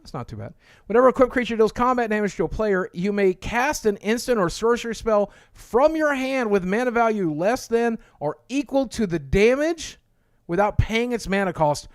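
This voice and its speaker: A man's voice: high-pitched, lively intonation, normal speed, clean tone, no echo, clean studio sound. A man casually reviewing trading cards on a live stream, reading card text aloud with chatty asides and thanking viewers.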